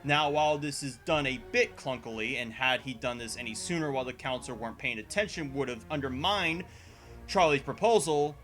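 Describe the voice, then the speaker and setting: A man delivering scripted commentary as a video essayist, sarcastic and profane, with sudden exasperated jumps in pitch. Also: brisk, a bit bright, soft background music. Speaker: video essayist reviewing a show.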